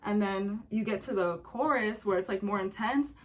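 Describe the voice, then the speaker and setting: A young woman reacts to a song, chatting about its music with plenty of fillers and occasionally humming or singing examples. She has a medium pitch and keeps a moderate pace.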